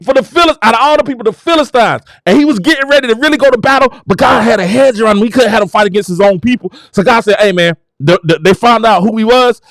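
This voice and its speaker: A man hosting his own show, delivering a fervent, preaching-style motivational talk that swings from low murmurs to shouted exclamations. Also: fast talker, hardly any pauses, no room sound. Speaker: show host.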